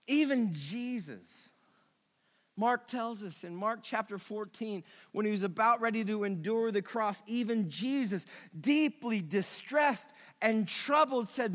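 A middle-aged man preaching a sermon as pastor, animated and quick, dropping to a hush and rising to emphatic peaks. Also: very high voice, long reverb tail.

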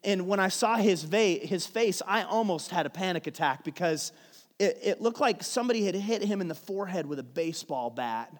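A man's voice: high voice, animated, a little fast. A man preaching a sermon, telling a family story in a conversational way with frequent restarts. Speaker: pastor. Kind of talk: sermon with personal stories. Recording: long hall reverb.

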